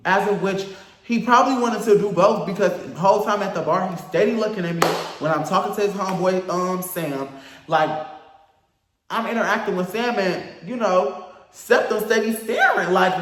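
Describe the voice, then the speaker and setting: A young man telling a storytime story in a casual, animated, profane and campy way, acting out the other people. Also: sits high, normal speed, echoey room, slight background noise. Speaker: storyteller vlogger.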